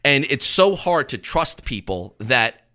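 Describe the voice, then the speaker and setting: A man, a pastor hosting a radio talk show, chatting and preaching in an animated way. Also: mid-range voice, measured pace. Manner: animated, conversational, acts out quotes.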